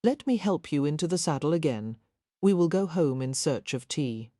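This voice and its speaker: A patient young gentleman pleads gently and earnestly, as a woman reads him aloud. The voice sits low and mellow. The recording is close and dry, as in an audiobook. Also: expressive, normal speed, dry recording.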